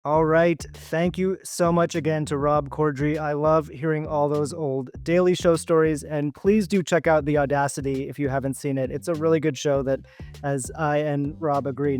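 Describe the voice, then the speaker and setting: Upbeat male podcast host, higher voice. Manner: upbeat, plugs and thank-yous. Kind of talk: interview and outro read.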